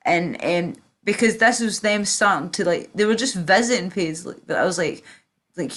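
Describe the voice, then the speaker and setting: A woman's voice: on the low side, expressive, fairly quick, a bit bright. A Northern Irish woman hosting a casual livestream chat, rambling and swearing, with lots of fillers and trailing-off sentences. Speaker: stream host.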